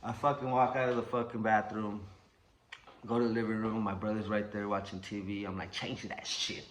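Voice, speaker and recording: A young man casually telling a personal story, animated and profane, acting out what people said. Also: lowish voice, brisk, a little hiss or hum, rough recording. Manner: animated, profane, acts out quotes.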